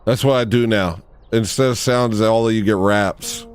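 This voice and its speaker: A man's voice: on the low side, fairly even intonation, normal speed, soft background music. A man hosting a casual livestream, rambling and joking at his own expense while thanking viewers. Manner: rambling, self-deprecating, goofy. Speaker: livestream host.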